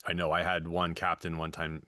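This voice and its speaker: Deep-voiced man hosting a webinar. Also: monotone, bright, forceful tone, no room sound, clean studio sound. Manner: measured, friendly, thinking aloud with fillers. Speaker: webinar host, former fire chief. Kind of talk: webinar moderating.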